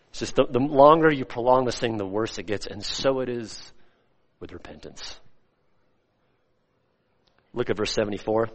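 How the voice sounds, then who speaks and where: A man preaching a sermon, animated and acting out the voices he quotes, recorded in a church. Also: medium pitch, moderate pace, pauses often. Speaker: pastor. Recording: long hall reverb.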